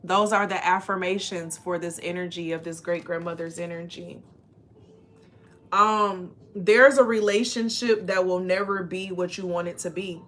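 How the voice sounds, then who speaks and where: A woman reading oracle card messages and affirmations aloud, speaking earnestly and directly to the listener, repeating phrases slowly for emphasis. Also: on the low side, steady tone, fairly bright tone. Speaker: spiritual card reader.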